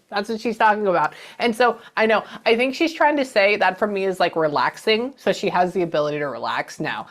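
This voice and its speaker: A woman's voice: mid-range voice, expressive, fairly quick, hardly any pauses. A middle-aged woman giving a psychic reading, chatting away and acting out the messages she passes on. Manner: chatty, relays messages with quoted voices.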